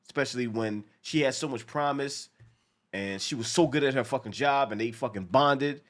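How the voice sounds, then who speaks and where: A man co-hosting a casual show reaction, talking in a profane, animated way and acting out lines from the episode. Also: medium pitch, normal speed.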